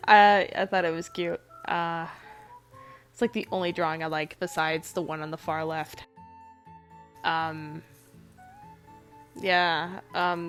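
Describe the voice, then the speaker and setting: A woman with a lowish, stuffed-up voice rambles through a relaxed voice-over about her art, full of swearing and half-finished thoughts. Soft music runs quietly underneath. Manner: rambling, loose and swearing a lot. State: congested, nasal. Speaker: artist narrating her drawings. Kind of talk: casual voice-over chat. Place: home recording, voice-over over drawing footage.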